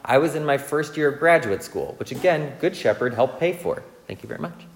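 Animated man preaching in a church hall. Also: a little high, brisk. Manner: animated, self-mocking storytelling, checks in with the audience. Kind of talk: sermon. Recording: long reverb of a large church hall.

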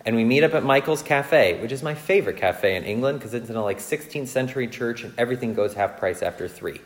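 A man preaching a sermon, telling self-mocking stories in a lively way and checking in with the audience. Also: medium pitch, fast. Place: large church hall. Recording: long reverb of a large church hall.

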